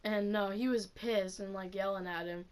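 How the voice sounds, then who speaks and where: A woman's voice: medium pitch, steady tone, moderate pace, darkish tone, smooth. A teenage woman telling a school story in a casual, profane vlog rant, full of "like". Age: teens. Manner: casual, profane, heavy use of "like". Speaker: student.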